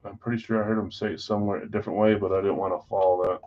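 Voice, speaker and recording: A man's voice: on the low side, level tone, rapid-fire, muffled recording, a little hiss or hum. A man hosting a live stream, casually reading off trades and talking to buyers in a scattered, self-deprecating way. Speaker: card break host.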